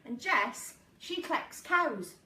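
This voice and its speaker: Her voice is high, animated and bright with a forceful edge, and she takes her time. She's hosting a casual live stream from her living room, chatty and giggling through her stories, recorded in an echoey room with a distant mic and faint noise.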